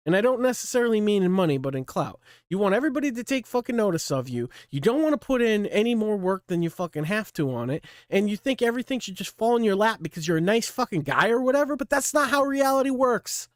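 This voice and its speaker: A man with a high voice delivers a blunt, scolding rant full of swearing. The sound is dry and close, with no room around it. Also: dry recording. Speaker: channel host. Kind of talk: profane ranting commentary.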